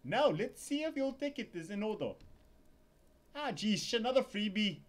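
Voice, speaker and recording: A man voicing a grumbling, fussy male cruise ship purser with a high, strained voice. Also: sing-song, moderate pace. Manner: complaining, chatty, fussy.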